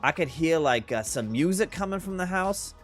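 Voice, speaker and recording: A man voicing a rough male construction manager with a Boston accent, stammering and clipped. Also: on the high side, expressive, normal speed, faint music behind, voice pushed up, natural voice. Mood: gruff.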